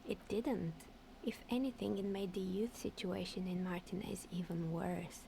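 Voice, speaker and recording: A gentle older woman from a video game, speaking in a low, mellow, gravelly voice. She talks calmly and softly, with a measured, slightly breathy delivery. There is a faint hiss behind her. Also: rough recording.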